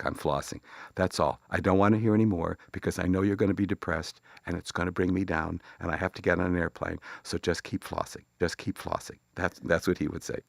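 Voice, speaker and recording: An older man from Chicago telling a personal story about a lifelong friend, reflective and halting, with a gravelly voice. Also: low voice, no echo, clean studio sound.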